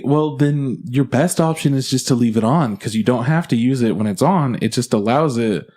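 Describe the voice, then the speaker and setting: Young male podcast co-host, casual, profane, lively storyteller who acts out the voices. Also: medium pitch, normal speed, few pauses. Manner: animated, swearing, acts out quoted voices.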